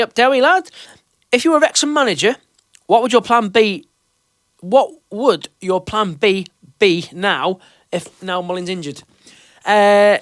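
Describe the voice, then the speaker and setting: Man, high voice, dry close sound, chatty host answering fans. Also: no room sound. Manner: chatty and reassuring, with loose restarts. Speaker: podcast host. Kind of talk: casual chat reading out fan questions.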